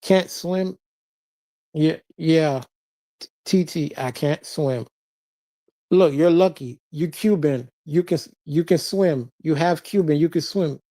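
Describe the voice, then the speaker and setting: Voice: mid-range voice, slow pace, dark tone, no echo. A livestreamer chatting casually and reading viewers' messages, laughing constantly while teasing them.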